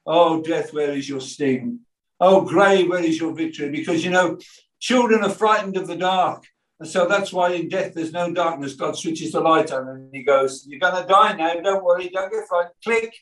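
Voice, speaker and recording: Older male pastor with a Birmingham accent, lively storytelling sermon, voice a touch high, heard from a distance in a roomy hall. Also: normal speed. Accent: Birmingham English. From England. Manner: animated storytelling with quoted voices and asides. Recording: echoey room from far off.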